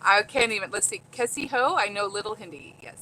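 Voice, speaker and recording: A woman's voice: medium pitch, a little fast, bright, forceful tone, poor audio. A woman chatting casually on a home livestream, reading viewer comments aloud, giddy and laughing often. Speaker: vlogger reading live chat.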